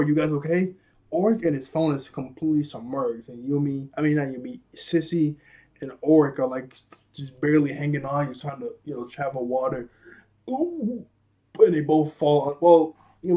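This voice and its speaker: A man's voice: fairly high pitch, mellow. A man casually recapping a cartoon episode, chatty and rambling, laughing often and using slang.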